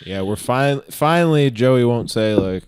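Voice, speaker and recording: A man's voice: mid-range voice, lively intonation, unhurried, darkish tone, clean tone, dry recording, studio quality. A man co-hosting a podcast, chiming in with wry quips in casual chat. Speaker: podcast co-host.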